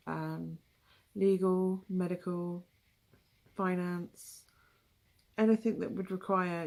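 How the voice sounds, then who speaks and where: Gravelly chatty West Country woman. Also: lowish voice, a little mellow. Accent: West Country English. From England. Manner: chatty, rambling, with frequent ums and asides. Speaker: tarot reader. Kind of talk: casual tarot reading.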